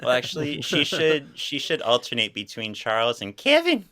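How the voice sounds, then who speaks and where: A man's voice: medium pitch, huge pitch swings, normal speed, bright, forceful tone. A man hosting a podcast, playful and teasing, throwing in cheeky jokes. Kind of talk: casual chat.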